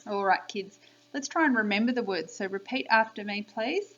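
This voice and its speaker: A woman teacher giving a spelling lesson by video to young children, clearly sounding out letters and praising them. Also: mid-range voice, moderate pace, a bit bright, lo-fi sound. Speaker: primary school teacher.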